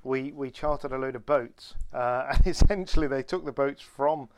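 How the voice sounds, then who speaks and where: A man co-hosting a podcast, telling stories in a lively way, restarting phrases and building to punchlines. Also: mid-range voice, moderate pace, clean tone, dry recording. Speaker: podcast co-host. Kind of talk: anecdotal storytelling chat.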